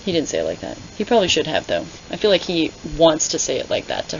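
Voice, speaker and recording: A woman's voice: on the low side, sing-song, quick pace, gravelly, hardly any pauses, slight background noise. A woman giving casual, sarcastic, exasperated commentary as she reads along, rambling into asides. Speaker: booktuber reading along. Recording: slightly dull lo-fi audio.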